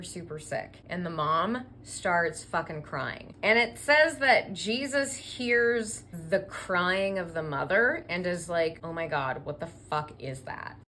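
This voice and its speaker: A woman retelling a religious story as profane, sarcastic comedy with deadpan asides. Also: mid-range voice, slow pace, hardly any pauses, a little hiss or hum. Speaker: comedic storyteller and drag performer.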